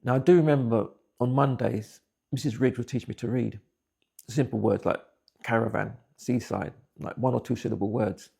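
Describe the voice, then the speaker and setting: A man's voice: medium pitch, fairly even intonation, moderate pace, vocal fry, dark tone, breathy edge. A man, giving blunt, plain-spoken personal testimony. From England. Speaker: interviewee.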